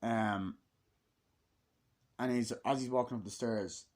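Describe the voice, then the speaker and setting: Steady and darkish, his mid-range voice carries a casual, profane film review full of blunt griping. He plays out the movie's scenes with rapid put-on voices.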